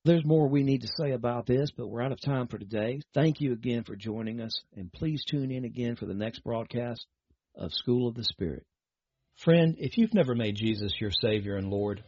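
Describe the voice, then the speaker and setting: A man's voice: mid-range voice, moderate pace, darkish tone, breathy edge. A man preaching a broadcast sermon, earnest and exhorting, then leading listeners in a prayer. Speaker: radio Bible teacher. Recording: dull lo-fi broadcast with faint music.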